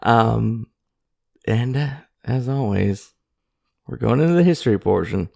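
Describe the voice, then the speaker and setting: A man co-hosting a casual podcast, joking and promoting the show in a loose, drawn-out way at a desk microphone. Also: mid-range voice, lively intonation, vocal fry, a little mellow. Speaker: podcast co-host. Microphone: studio microphone at a desk.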